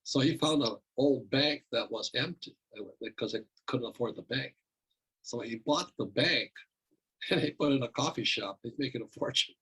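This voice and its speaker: Husky voice, older man, storytelling, casual interview guest. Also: mid-range voice, moderate pace, sharp tone, poor audio. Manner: storytelling, repeats words when starting. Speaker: guest author.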